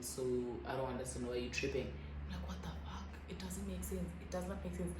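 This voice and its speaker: Woman, South African accent, 20s, low pitch, animated storytime, echoey room. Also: noisy background. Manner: animated, swearing, quoting others in quick bursts. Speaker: YouTuber. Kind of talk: casual storytime.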